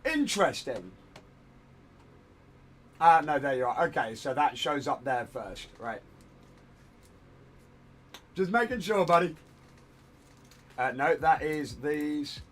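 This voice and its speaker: A man's voice: fairly high pitch, expressive, slow, long pauses, fairly bright tone. A man chatting casually on a hobby livestream from a room at home, rambling and self-deprecating while he works at his desk. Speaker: streamer.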